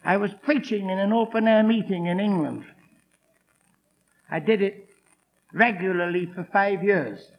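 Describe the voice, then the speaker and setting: A man preaching an evangelistic sermon, telling stories forcefully and acting out the people in them. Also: sits high, measured pace, long pauses, a little hiss or hum, rough recording. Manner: emphatic, forceful, acts out the people in his stories.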